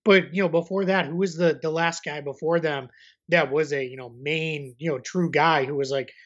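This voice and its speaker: A man chats casually on a sports podcast, rambling and easygoing as he circles his point. His voice sits a little high for a man. The audio is slightly dull and lo-fi. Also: steady tone, moderate pace. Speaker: podcast co-host. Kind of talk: casual basketball podcast chat.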